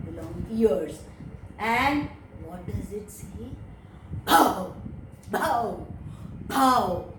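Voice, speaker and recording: Woman, teacher for young kids, sing-song, fairly high voice, echoey room. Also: a little mellow, recorded from a distance, a little hiss or hum. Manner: sing-song, slow and emphatic with animal sounds.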